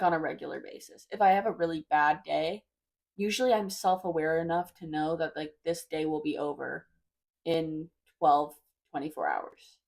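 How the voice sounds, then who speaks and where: A young woman in her twenties talks to her viewers in a loose, confessional way. Her voice sits a little low, and she rambles, circling back and hedging as she goes. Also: darkish tone. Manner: rambling, hesitant, full of "like" and "I don't know". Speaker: vlogger. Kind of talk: casual confessional chat.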